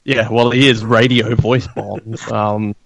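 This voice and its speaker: Gravelly, casual podcast man. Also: lowish voice, level tone, slow pace, no room sound. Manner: laughing, joking, bouncy. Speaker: podcast co-host. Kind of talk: casual chat ranking film villains.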